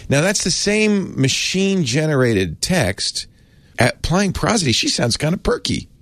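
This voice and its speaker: A man's voice: a little high, very animated, normal speed, a bit bright, dry recording. A man hosting a casual explainer, talking in a chatty, wry way that often trails off and restarts. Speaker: host explaining a word of the day.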